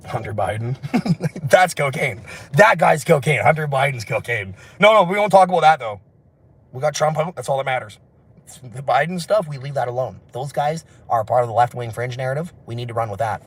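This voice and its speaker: A man rambling through a livestream while walking city streets outdoors, excitable and laughing, his voice hoarse from screaming. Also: mid-range voice, fairly quick. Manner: excitable, laughing, shouting bursts.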